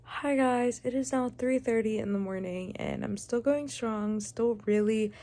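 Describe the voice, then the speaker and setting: Gushing, excitable young woman vlogger. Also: on the high side, unhurried, a little hiss or hum. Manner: gushing, excitable, emotional swings. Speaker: book vlogger. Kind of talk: casual reading reaction vlog.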